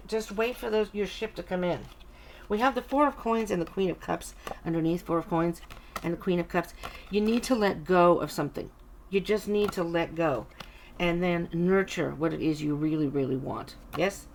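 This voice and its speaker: Middle-aged lady reading tarot cards to camera, lowish voice, chatty, keeps stopping herself, comforting. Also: normal speed, slight background noise. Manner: chatty, reassuring, self-interrupting. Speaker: tarot reader.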